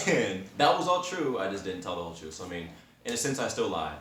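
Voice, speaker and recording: A man's voice: lowish voice, brisk, slight background noise. Laughing, slangy young man telling a story. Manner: animated and laughing, slangy, addresses listeners. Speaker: podcast host. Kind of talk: casual storytelling. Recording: roomy sound from a distant mic.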